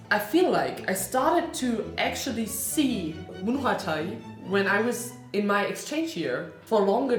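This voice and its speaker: A young woman from Germany, a native German speaker, chatting casually in English and acting out quotes with lively energy. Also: mid-range voice. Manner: animated, acts out quotes, laughs often. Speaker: co-host. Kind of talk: casual chat. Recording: echoey room.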